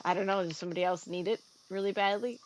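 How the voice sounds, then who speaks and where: A woman's voice: mid-range voice, fairly even intonation, quick pace, poor audio. Giggly woman tabletop player. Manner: casual, giggly. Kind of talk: playing a tabletop game.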